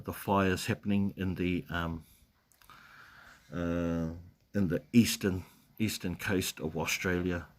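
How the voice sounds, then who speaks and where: A low-pitched man with a New Zealand accent hosts a casual live stream, reading viewer comments aloud. He rambles, with plenty of fillers and restarts.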